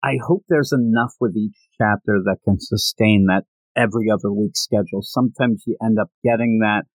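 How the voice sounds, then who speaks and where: A man's voice: fairly low pitch, fairly even intonation, brisk, no echo, poor audio. A man hosting a casual podcast, rambling and joking with frequent restarts. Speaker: podcast host.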